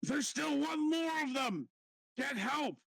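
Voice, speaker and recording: A man voicing an alarmed male kender warrior who yells out warnings in a raised, urgent voice. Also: very high voice, lively intonation, takes it slowly, gravelly, no room sound, clean studio sound, voice pushed up, full character voice.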